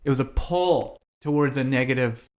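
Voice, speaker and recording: A man's voice: medium pitch, moderate pace, darkish tone. Frank, swearing guy. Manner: candid, profane, self-reflective storytelling. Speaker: podcast guest. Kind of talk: casual storytelling in conversation.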